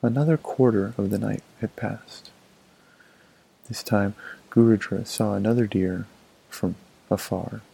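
Gravelly, low-voiced male storyteller. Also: steady tone, unhurried, long pauses, dark tone, poor audio. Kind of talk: storybook narration.

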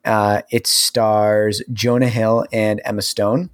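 A man's voice: fairly low pitch, little pitch movement, slow. A man co-hosting a casual podcast chat into a studio microphone, rambling with lots of fillers. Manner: rambling, filler-heavy recommending. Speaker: podcast co-host.

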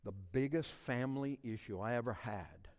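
A middle-aged man, preaching a sermon as a pastor, swinging between loud emphatic passages and quiet ones. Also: medium pitch, moderate pace, long reverb tail. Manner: animated preaching with big swings in loudness.

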